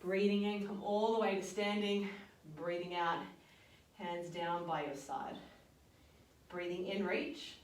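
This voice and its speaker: A woman leading a yoga and strength workout, calmly cueing each move and breath. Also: lowish voice, slow pace, long pauses, recorded from a distance. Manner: calm step-by-step cueing with breath counts. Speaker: fitness and yoga instructor. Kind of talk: guided workout instruction. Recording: roomy sound, voice off-mic.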